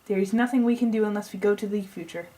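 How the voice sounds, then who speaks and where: Speaking fast, a woman with a medium-pitched, dark, fairly everyday voice reads game dialogue aloud on a rough recording. She voices a pompous, eccentric male scientist lecturing through a long plan, half-trying a put-on accent that keeps slipping away.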